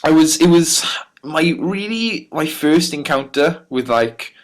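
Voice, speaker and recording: A man's voice: a little high, slow pace. A young man, a podcast co-host, telling a story in casual chat, laughing often and stumbling over words now and then. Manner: relaxed, laughs often, stammers a little.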